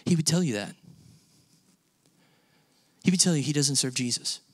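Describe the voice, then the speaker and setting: A man's voice: a little high, moderate pace, husky, no echo. A male pastor preaching a sermon, telling a personal story in a conversational way and building to emphatic peaks. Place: church sanctuary.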